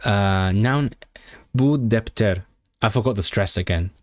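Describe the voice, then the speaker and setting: Chatty low-voiced male streamer. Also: a little slow, no echo, clean studio sound. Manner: chatty, self-interrupting, sounds out foreign words. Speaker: language-learning streamer. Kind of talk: casual live-stream chat.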